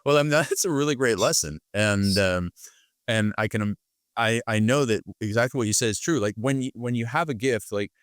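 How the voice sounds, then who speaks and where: A man hosting a podcast, chatting in a relaxed, casual way. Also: medium pitch, brisk, clean tone, dry recording, studio quality. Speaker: podcast host. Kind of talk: casual interview chat.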